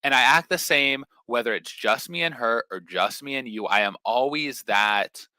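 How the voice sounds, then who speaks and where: A man's voice: mid-range voice, normal speed, bright, forceful tone, no echo, low-quality recording. A young man talking bluntly and confidently in a casual podcast chat, swearing freely. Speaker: podcast guest.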